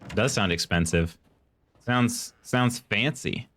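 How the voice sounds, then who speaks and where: A man's voice: medium pitch, lively intonation, a little slow, fairly bright tone, a little hiss or hum. A man streaming a horror game live, chatting casually with viewers and reading in-game text aloud. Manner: chatty, reads chat aloud and muses while playing. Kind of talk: casual live gameplay commentary.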